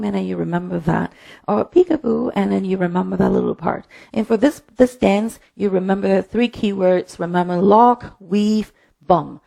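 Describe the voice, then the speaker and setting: Woman, line dance teacher, home stream, low, warm, gravelly, calls counts. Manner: chatty, counts steps aloud. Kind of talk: live-streamed dance class.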